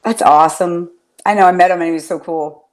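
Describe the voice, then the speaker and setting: A woman co-hosting a show in casual chat, excitable and rambling as she tells stories. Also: lowish voice, brisk. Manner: bubbly, excitable, rambling storyteller. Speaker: podcast co-host.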